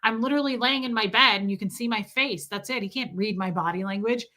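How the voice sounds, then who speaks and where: A woman with a mid-range voice talks fast, sounding pushed and bright. She hosts a casual livestream and reads viewer comments, rambling to her audience, trailing off and restarting sentences.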